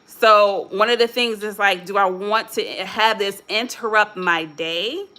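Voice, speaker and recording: A woman with a mixed Philadelphia and Chicago accent talks straight to her live viewers, casual and candid. Her voice is bright and clear and sits at a middle pitch. She coaches them through calming down with quoted self-talk. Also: a little slow. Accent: American English, Philadelphia and Chicago mix. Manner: speaks straight to viewers as "y'all". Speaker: motivational host. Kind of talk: live-stream motivational talk.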